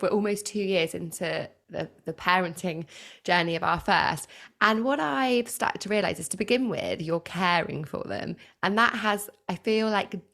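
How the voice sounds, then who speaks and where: A woman's voice: on the low side, a bit bright. Reflective young woman host. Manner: reflective, affirming, prompts questions. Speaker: podcast host. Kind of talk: conversational interview.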